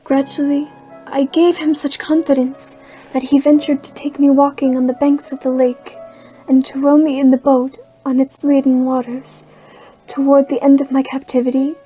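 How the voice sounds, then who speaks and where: A woman playing a young woman who recounts a terrifying captivity in hushed, haunted narration. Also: high-pitched, natural voice. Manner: hushed, haunted recounting, rising into frantic cries. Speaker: actress narrating in a student short film. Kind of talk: dramatic storytelling narration.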